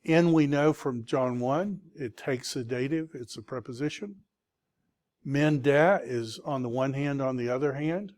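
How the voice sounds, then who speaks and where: Slow-paced man teaching Greek vocabulary. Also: medium pitch, darkish tone. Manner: patient, checks in with students. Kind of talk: classroom lecture.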